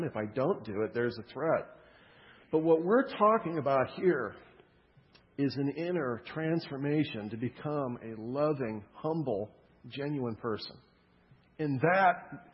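A man preaching a sermon in a loose, conversational way, often checking in with the audience. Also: medium pitch. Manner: casual, energetic preaching with frequent "okay?" check-ins. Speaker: pastor. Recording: dull sound with long hall reverb.

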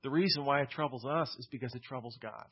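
Guy preaching a sermon, chatty and plain, kinda husky voice, muffled lo-fi recording. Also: medium pitch, quick pace. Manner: conversational, plainspoken preaching with casual asides. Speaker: pastor.

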